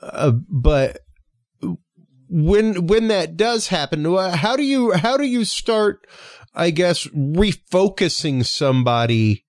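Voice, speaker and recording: A man's voice: high-pitched, very animated, slow pace, no room sound, studio quality. A man hosting a casual interview, asking questions hesitantly and searching for words. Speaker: podcast host.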